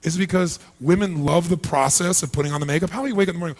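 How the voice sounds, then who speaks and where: Working a packed hall with a live audience, a male motivational speaker talks in a raised, gravelly, rather high voice, very fast and with few pauses. He hurls rhetorical questions at the crowd and voices their doubting inner thoughts, pressing hard for answers in this live seminar speech.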